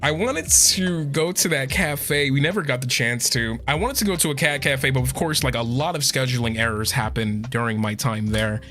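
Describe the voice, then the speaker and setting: A hoarse man chats excitedly on his stream, cursing freely as he goes. His voice is bright and forward. A little music plays quietly behind him. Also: medium pitch, normal speed, few pauses. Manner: excitable, swears a lot. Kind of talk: casual chat stream.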